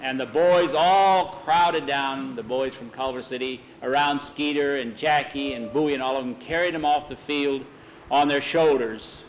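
A man's voice: medium pitch, moderate pace, slight background noise, poor audio. Folksy man telling a story. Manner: folksy, animated, lots of "he said". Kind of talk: told story narration.

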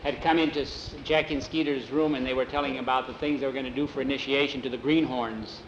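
A man telling a story aloud in a relaxed way, repeating "he said" before each line of dialogue. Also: medium pitch, quick pace, echoey room, highs cut off, slight background noise. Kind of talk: oral storytelling with many voices.

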